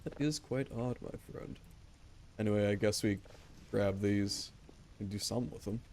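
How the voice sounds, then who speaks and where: A man's voice: lowish voice, normal speed, darkish tone, a little hiss or hum. A man streaming a game, rambling and joking back and forth with his chat. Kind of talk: casual gameplay commentary.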